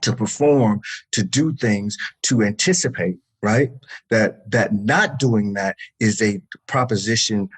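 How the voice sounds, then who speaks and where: A man's voice: lowish voice, slow, breathy edge. A man, a therapist and podcast guest, telling a story in casual interview talk, emphatic, with many restarts, repeated words and swearing.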